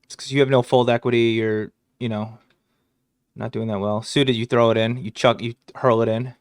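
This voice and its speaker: A man's voice: mid-range voice, flat delivery, normal speed, smooth, no echo, clean studio sound. A man casually reviewing his poker hands, joking crudely and swearing as he goes. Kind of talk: casual hand review commentary.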